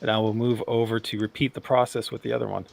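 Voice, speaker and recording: A man playing a tabletop game, calmly describing his character's actions with some fillers. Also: lowish voice, fast, vocal fry, a little hiss or hum. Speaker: player.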